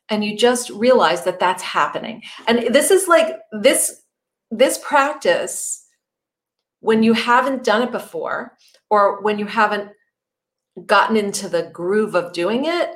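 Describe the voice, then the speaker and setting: A woman's voice: mid-range voice, lively intonation, measured pace, a bit bright. A middle-aged woman acting coach talking conversationally to a group, often asking "right?" and saying "you know".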